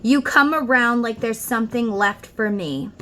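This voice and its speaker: A woman's voice: on the high side, moderate pace, bright, forceful tone. A woman giving a casual tarot reading at home, chatting and reading song lyrics aloud between her explanations. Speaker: tarot reader.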